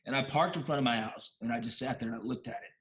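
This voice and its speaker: A man's voice: medium pitch, fast, fairly bright tone. A man speaking as an interview guest, recounting a personal memory in an emotional, heartfelt way. He stumbles and restarts often as the feeling catches up with him, and his voice sits in a middle register. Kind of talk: personal storytelling in conversation.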